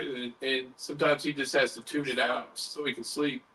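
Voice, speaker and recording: A paranormal podcast host tells a story in animated, casual chat during a stream, quoting and acting out what other people said and swearing casually now and then. His mid-range voice moves a little fast, captured on a distant mic in a low-quality recording.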